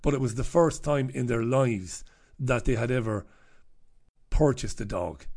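A man's voice: medium pitch, a little slow, a little mellow. A middle-aged man hosting a live stream, chatting casually in a blunt, profane, rambling way.

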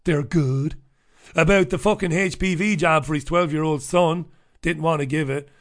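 A man's voice: fairly high pitch, moderate pace. An Irish man hosting a talk radio show, ranting bluntly and swearing freely. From Ireland. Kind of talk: opinionated talk radio monologue.

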